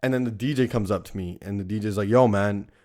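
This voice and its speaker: Talking fast in a lowish, darkish voice, a young podcast host rambles and swears nonstop on his casual storytelling show. "Right?" gets tacked onto line after line.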